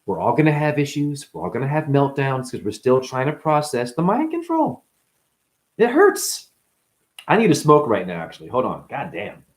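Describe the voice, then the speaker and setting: A man's voice: mid-range voice, huge pitch swings, moderate pace. A man hosting a livestream, talking straight to his chat, passionate and defensive, swinging between agitation and making peace. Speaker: livestream host. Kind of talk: heated livestream chat reading comments.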